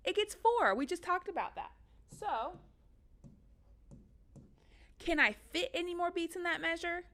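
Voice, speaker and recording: A woman's voice: extremely high pitch, expressive, a little slow, bright, forceful tone. A woman music teacher giving a recorded lesson for children, upbeat and encouraging, counting beats and chanting rhythms aloud.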